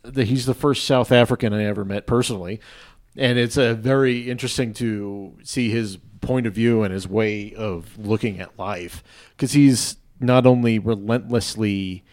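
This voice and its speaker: A man talking as a guest on a sports podcast, rambling and animated, with many restarts. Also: fairly low pitch, moderate pace. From Denver area. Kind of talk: casual podcast chat.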